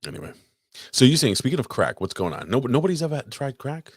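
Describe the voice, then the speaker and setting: A man's voice: mid-range voice, sing-song, breathy edge, dry recording, studio quality. A man co-hosting a podcast in casual, crude banter, teasing and swearing freely. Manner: profane, teasing, questions rapidly. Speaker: podcast co-host. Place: podcast studio.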